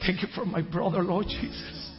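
Fervent high-voiced man preaching. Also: steady tone, normal speed, music in the background. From Costa Rica. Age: middle-aged. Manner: fervent, swings from shouting to soft. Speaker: visiting minister. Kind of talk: preaching and prayer. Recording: dull church hall sound with reverb.

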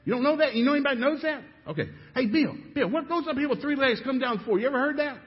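A man's voice: very high voice, animated, voice pushed up. A man voicing a frantic young businessman who fires off pleading questions, recorded in a reverberant hall with a dull lo-fi sound. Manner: pleading, rapid-fire questions. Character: frantic young businessman pestering friends by phone.

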